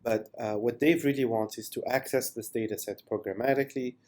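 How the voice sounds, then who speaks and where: A man presenting a software product demo in an unscripted voice-over, enthusiastic and with many fillers. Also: mid-range voice, steady tone, fairly quick, noisy background.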